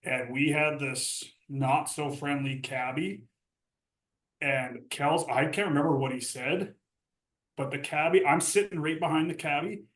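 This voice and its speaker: A man's voice: a little high, measured pace, a bit bright, far from the mic. Guy rambling thru a story, lots of like and whatever, laughing, echoey room. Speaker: guest, former hockey captain. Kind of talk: casual storytelling chat.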